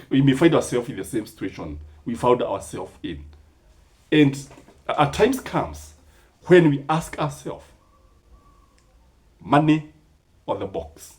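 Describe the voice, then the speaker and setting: A man's voice: mid-range voice, a little mellow. Kenyan man, emphatic, rising and falling delivery, public commentary. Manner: rhetorical questions, emphatic, mixes in Swahili sayings.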